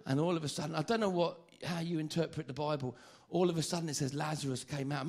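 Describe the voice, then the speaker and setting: A man preaching an animated, comic evangelistic sermon at a church meeting, acting out the stories he tells. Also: a little high, fast. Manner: animated, comic storytelling with acted-out voices.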